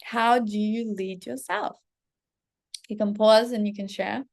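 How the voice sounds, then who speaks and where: Candid, swearing woman coach with gravelly fry. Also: medium pitch, unhurried. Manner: candid, heavy swearing, animated self-talk. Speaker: self-development coach. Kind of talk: casual spoken storytelling to followers.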